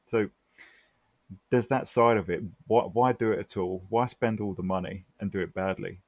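Gravelly low-voiced man, emphatic. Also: moderate pace, darkish tone, dry recording. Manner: emphatic, exasperated rhetorical questions. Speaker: podcast co-host. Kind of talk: casual chat.

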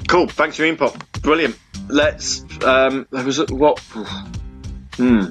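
A man's voice: mid-range voice, unhurried, fairly bright tone, soft background music. A man hosting a casual fan radio show, rambling and interrupting himself, from England. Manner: rambling, self-interrupting, puts on voices. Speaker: podcast host.

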